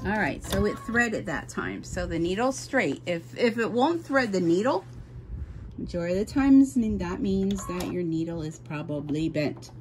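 A woman's voice: mid-range voice, lively intonation, normal speed, soft background music. A woman chatting to viewers while working at a machine, flustered and apologetic. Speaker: embroidery vlogger. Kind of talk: casual how-to chat while working. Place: home sewing room with window open and ceiling fan. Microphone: camera mic, no microphone on.

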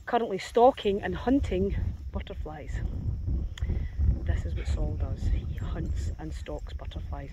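Casual woman, dog-walk vlog, rambling and wry, faint outdoor hiss. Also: on the high side. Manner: chatty, self-mocking, talks to her dogs. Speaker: dog walker vlogger. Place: outdoors in a field.

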